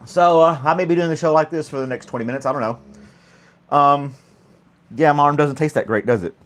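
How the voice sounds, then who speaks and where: A man's voice: a little high, brisk, fairly bright tone. A man hosting a casual morning chat show, joking and laughing often while a pet clings to his arm. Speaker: host.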